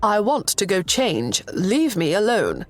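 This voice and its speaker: A woman's voice: medium pitch, huge pitch swings, measured pace. A woman voicing a haughty, irritable middle-aged queen who speaks curtly and imperiously in a storybook reading. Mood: snapping. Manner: imperious, curt.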